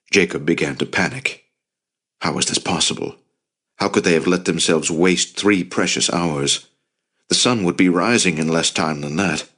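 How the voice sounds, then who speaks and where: A man narrating an audiobook in a measured storytelling manner. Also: sits low, fairly bright tone. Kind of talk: scripted narration.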